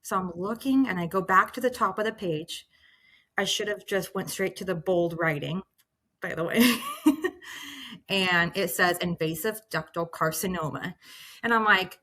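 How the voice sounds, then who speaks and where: A woman in her thirties telling her own story as a patient, animated and acting out her past reactions, close to tears at times. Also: lowish voice. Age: 30s. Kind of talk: emotional personal storytelling.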